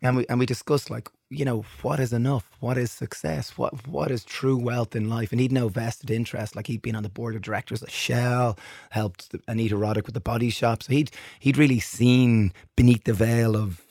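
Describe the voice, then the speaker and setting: A man's voice: medium pitch, moderate pace, vocal fry, no echo, studio quality. A man with an Irish accent, a podcast guest, telling stories casually and acting out what people said. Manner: animated, acts out quotes in others' voices. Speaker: guest, business owner. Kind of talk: casual storytelling chat.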